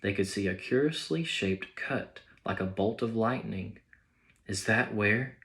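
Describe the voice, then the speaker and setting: Brief: man with a lowish voice reading a book aloud to his students, plain and steady. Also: measured pace. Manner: plain, steady, small slips and restarts. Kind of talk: audiobook-style read-aloud.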